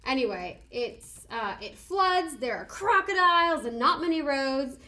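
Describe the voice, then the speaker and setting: A woman co-hosting a casual podcast chat, gushing and excitable, often giggling. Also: sits high, unhurried. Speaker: podcast co-host.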